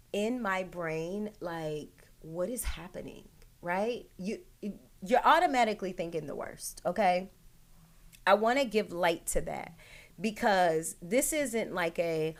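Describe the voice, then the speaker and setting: A woman hosting her own show, telling an emotional personal story straight to her listeners with many "like" and "right?". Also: fairly low pitch.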